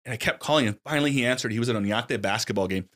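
A man casually telling a story on a podcast, jumping into high voices for the people he quotes and laughing and swearing freely. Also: racing, fairly bright tone.

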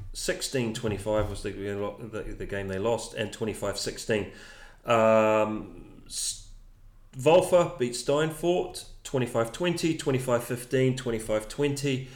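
A man co-hosting a casual sports chat, reading scores and halting over place names. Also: mid-range voice. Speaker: co-host reading sports results. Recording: echoey room.

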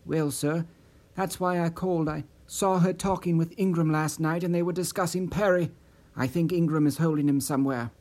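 A man's voice: fairly high pitch, fairly even intonation, moderate pace, darkish tone, natural voice. A man doing an eager, earnest young man. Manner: eager, earnest, slightly breathless. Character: eager, anxious young man, associate of a missing man.

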